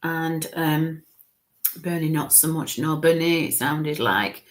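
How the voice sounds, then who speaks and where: Halting psychic medium woman, live reading. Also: deep voice, faint music behind. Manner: halting, breaks off to coax spirits under her breath. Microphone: live stream mic.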